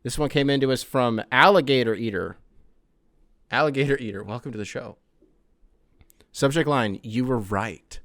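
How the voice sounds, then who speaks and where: A man's voice: mid-range voice, normal speed, pauses often, no room sound. Male host, casual and jokey, mid-range voice, dry close recording. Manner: animated, joking, often laughing, swearing. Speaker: podcast host. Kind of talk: casual podcast chat reading listener emails.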